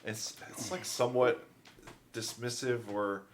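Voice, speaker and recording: A man's voice: mid-range voice, measured pace. A man in a casual podcast chat, talking enthusiastically about a game's background stories. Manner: enthusiastic, animated storytelling.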